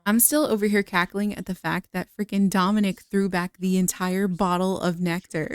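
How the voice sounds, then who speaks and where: A woman's voice: medium pitch, fairly even intonation, moderate pace, clear, resonant tone, no room sound. A young woman giving chatty, giggly let's-play commentary on a life-simulation game. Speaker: gaming content creator.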